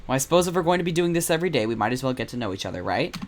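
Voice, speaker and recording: A man playing a gentle British vet assistant. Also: mid-range voice, very animated, very fast, natural voice. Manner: gentle, coaxing. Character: earnest young male vet assistant.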